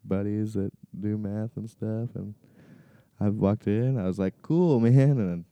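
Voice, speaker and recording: A man's voice: fairly low pitch, level tone, a little slow, mellow, no room sound, highs cut off. A young man chatting casually as a podcast guest, laid-back, laughing often and trailing off. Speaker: comedian guest.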